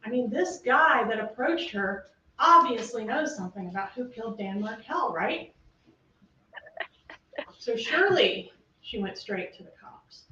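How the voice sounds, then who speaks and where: A woman prosecutor giving a closing argument to a jury, pressing her points with rapid rhetorical questions, heard through a distant courtroom feed. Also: a little high, expressive, bright, forceful tone. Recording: roomy, distant, muffled courtroom feed with faint hiss.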